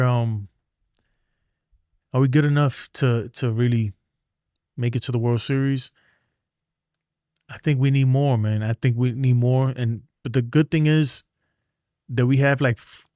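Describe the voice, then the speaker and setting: A man's voice: medium pitch, mellow, no echo, studio quality. A middle-aged man, ranting bluntly and rambling in a casual livestream, trailing off into mumbles. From New York. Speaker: sports streamer.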